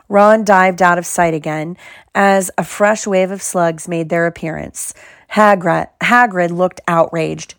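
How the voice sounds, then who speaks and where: Low-voiced woman reading a storybook. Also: moderate pace, dry recording, clean studio sound. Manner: steady storytelling read. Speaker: audiobook narrator. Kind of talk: scripted narration.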